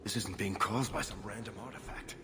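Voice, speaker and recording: An actor voicing a wry, confident male dwarf companion in a video game, lively and pressing. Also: lowish voice, fairly quick, in a large hall, noisy background, close to an everyday voice. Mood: earnest.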